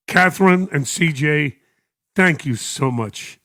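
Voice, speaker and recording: Older radio host, emotional, dry studio sound. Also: male voice, fairly high pitch, slow pace, no room sound. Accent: New York. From United States. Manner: warm, emotional, chuckling often. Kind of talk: radio show reading listener messages. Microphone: studio microphone.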